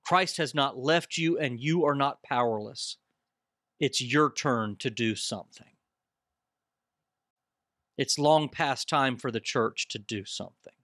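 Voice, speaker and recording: A man's voice: mid-range voice, slow pace, pauses often, a bit bright, no room sound, studio quality. Earnest man leading a bible discussion. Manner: earnest, preacherly. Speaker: discussion panelist.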